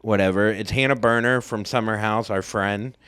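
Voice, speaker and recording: A man in his thirties co-hosting a podcast, telling casual stories in a relaxed way that sometimes drops low. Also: normal speed, clean tone, dry recording, clean studio sound. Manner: laid-back storyteller, drops into low mumbles. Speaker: podcast co-host. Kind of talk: casual chat.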